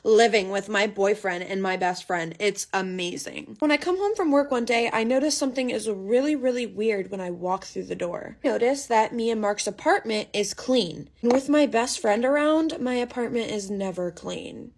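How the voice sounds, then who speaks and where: A young woman in her twenties narrating a storytime tale in a chatty, dramatic way, dropping to a hush and then bursting with excitement. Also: mid-range voice, normal speed, hardly any pauses. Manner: chatty and dramatic, swings between hushed and excited.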